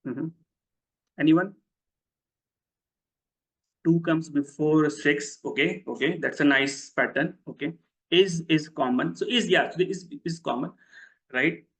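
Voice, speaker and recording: A man's voice: on the high side, slow, long pauses, a bit bright, low-quality recording. A man gives a live online lecture, explaining step by step and often asking his audience questions. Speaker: webinar presenter.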